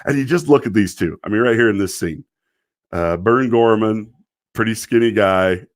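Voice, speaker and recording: A man's voice: fairly low pitch, normal speed, no room sound, studio quality. A man casually reviewing a TV episode on a live stream, rambling, often breaking into laughter and apologizing. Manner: quotes characters in mock voices.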